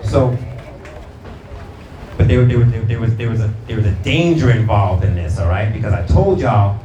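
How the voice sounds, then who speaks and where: A man's voice: lowish voice, lively intonation, moderate pace, dark tone, a little hiss or hum. A middle-aged male pastor from Brooklyn preaching to a live congregation in a loose, slangy storytelling way, stumbling over repeated words and calling out to the audience. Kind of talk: conversational sermon. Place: church hall with live audience. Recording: roomy, from a distance, crowd audible.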